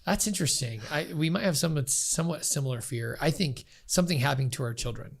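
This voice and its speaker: A man with a gravelly, fry-laden voice speaks slowly and thoughtfully as a podcast guest. His pitch sits in the middle range for a man. He talks about family in a plain, unhurried tone. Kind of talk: casual chat.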